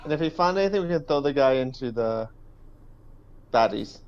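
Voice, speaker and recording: A man's voice: mid-range voice, lively intonation, brisk, smooth, dull audio. A man playing a tabletop game, jokey and laughing often. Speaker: player. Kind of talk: casual tabletop game chat.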